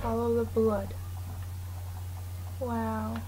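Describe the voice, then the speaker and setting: A woman giving let's play commentary, frantic and swearing, yelling at game characters and dropping to a hushed mutter while hiding. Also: on the high side, level tone, very slow, slight background noise. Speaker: gaming channel host.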